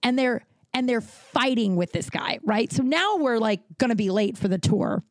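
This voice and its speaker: An American woman comedian telling a story on a podcast, dramatic and animated, swearing freely. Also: on the high side, moderate pace, dry recording, studio quality. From United States. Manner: swears freely, many fillers.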